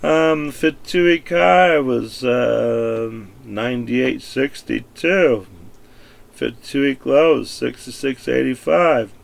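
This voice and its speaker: Gravelly, foul-mouthed man ranting. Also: medium pitch. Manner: profane, rambling, crude. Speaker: vlogger. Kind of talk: casual rant.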